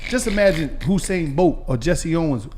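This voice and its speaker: A man's voice: fairly high pitch, animated, normal speed, noisy background. A middle-aged man in casual chat, telling a story with laughs, profanity and stammered repeats.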